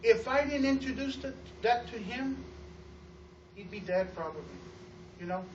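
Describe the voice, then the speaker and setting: A man giving an energetic testimonial to a live audience about running his store, telling stories with acted-out quotes and often repeating words. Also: very high-pitched, normal speed, slight background noise. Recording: roomy, distant, dull sound.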